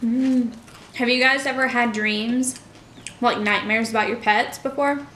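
Young woman, casual eating-vlog chat, slightly high voice, lots of fillers, echoey room. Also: steady tone, moderate pace, bright, forceful tone, a little hiss or hum. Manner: chatty, many fillers. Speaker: vlogger. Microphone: camera mic.

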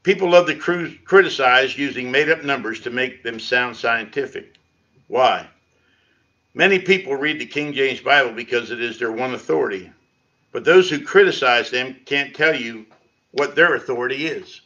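Bright-voiced preacher, lo-fi stream. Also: male voice, mid-range voice, moderate pace. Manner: conversational preaching with sarcastic asides. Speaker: pastor. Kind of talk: sermon. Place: church sanctuary. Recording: lo-fi livestream audio.

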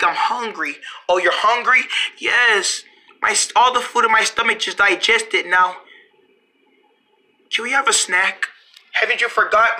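A cartoon creator voicing every character in a family road-trip cartoon, with frequent shouting and screams. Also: mid-range voice, slight background noise. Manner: shouting and screaming often, animated. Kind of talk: one-person cartoon dialogue.

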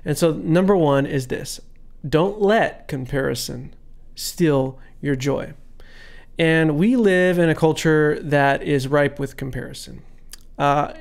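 Gravelly-voiced man giving a devotional. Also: on the high side. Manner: conversational, frequent fillers, reads scripture aloud. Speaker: devotional speaker. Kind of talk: casual devotional teaching.

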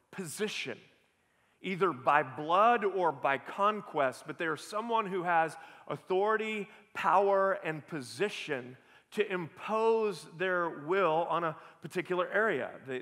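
A man's voice: high voice, fairly bright tone, long reverb tail. A man preaching a sermon as pastor, earnest and building with rhetorical questions, in a large church auditorium.

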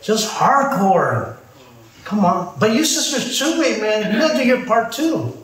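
A pastor preaches with high, lively inflection, teasing his congregation between points. The recording is distant and echoey, like a church hall heard from the back. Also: moderate pace. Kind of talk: sermon.

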